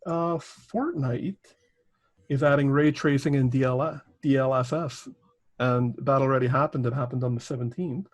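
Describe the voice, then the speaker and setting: A man's voice: medium pitch, normal speed. A man co-hosting a casual gaming podcast, reading news items in a rambling way with lots of ums. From Canada. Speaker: podcast co-host. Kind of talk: casual chat.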